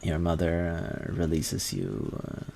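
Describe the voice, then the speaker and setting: Brief: male game master, low voice, slow halting second-person narration. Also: animated, gravelly, dark tone, slight background noise.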